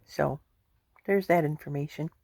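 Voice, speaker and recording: A woman's voice: deep voice, measured pace, gravelly, darkish tone, no echo, studio quality. A woman vlogging at home in a casual, rambling way, chuckling often as she talks. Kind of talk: casual chat to camera.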